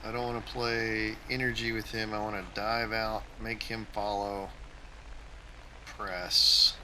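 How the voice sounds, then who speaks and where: A man with a very bright, sharp voice talks through his flight game as he plays. He gives a casual, tactical play-by-play. A faint hiss sits under his voice. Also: lowish voice, flat delivery, slow pace, low-quality recording. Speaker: gaming channel host.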